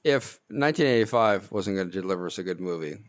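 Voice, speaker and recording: A man's voice: low-pitched, expressive, rapid-fire. A man hosting a podcast in casual chat, playfully wrapping up the episode. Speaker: podcast host.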